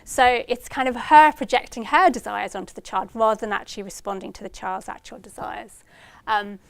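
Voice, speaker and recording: A woman lecturing an audience in a clear, smooth and fairly high voice, recorded close and dry. She explains with example after example, lifting her voice when she imitates what parents say. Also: steady tone, normal speed, no room sound. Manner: explanatory, gives examples and acts out parents' lines in a lifted voice. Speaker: university researcher giving a talk. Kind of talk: lecture to practitioners.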